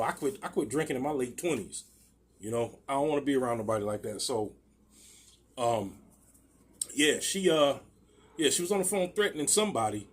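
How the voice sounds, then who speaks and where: A man's voice: medium pitch, breathy edge. A man casually telling a rambling, profane personal story, full of restarts and repeated words.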